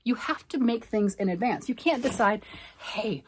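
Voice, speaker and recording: A woman's voice: on the high side, moderate pace, a little hiss or hum. Chatty woman rambling over her yarn. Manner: chatty, rambling, talks to herself while sorting. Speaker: knitting and crochet vlogger. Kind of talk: casual craft vlog chat.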